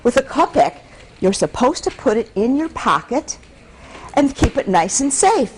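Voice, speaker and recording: A woman storyteller voicing an exasperated village mother who scolds with loud exclamations. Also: on the high side, sing-song, measured pace, noisy background. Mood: scolding.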